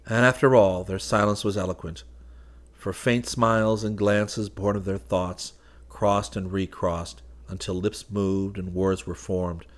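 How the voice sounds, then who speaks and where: A man narrating a classic story as an audiobook, with a measured, expressive reading. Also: low-pitched.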